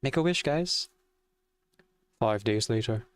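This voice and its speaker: A man's voice: mid-range voice, expressive, takes it slowly, clear, resonant tone, dry recording. A man streaming a story game, reading the text aloud and chatting about it as he goes. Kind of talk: casual gameplay commentary and read-aloud.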